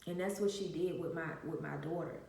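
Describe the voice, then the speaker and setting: This low, gravelly, darkish female voice moves briskly through an emotional personal testimony told to viewers. She's an adult vlogger with an infant who earnestly repeats phrases for emphasis, recorded in an echoey room with faint noise.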